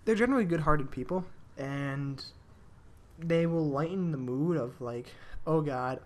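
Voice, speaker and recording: A man's voice: fairly high pitch, a little slow, a little mellow. A young man telling rambling work stories in casual commentary over a video game, with restarts and the odd swear. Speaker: gaming commentator.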